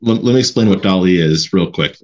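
Deep-voiced male podcast host. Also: a little mellow, lo-fi sound. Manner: brisk, explains things for listeners. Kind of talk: casual interview chat.

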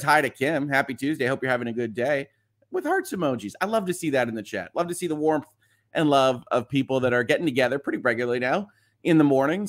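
Reading his viewers' chat messages out loud, a man from the Midwest US hosts a laid-back morning livestream and answers them with lots of filler words. His voice is mid-range and a bit bright.

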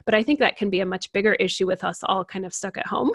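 A woman guest explaining personality types in a casual interview, animated and laughing often as she acts out examples. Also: medium pitch, quick pace, no echo, clean studio sound. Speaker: certified personality type coach, guest.

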